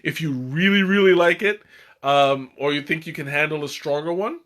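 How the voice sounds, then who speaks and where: A young man hosting a casual live stream, excitable and rambling, with many restarts and fillers. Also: fairly high pitch, normal speed. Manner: excitable, laughs often. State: has the hiccups. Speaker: tea stream host.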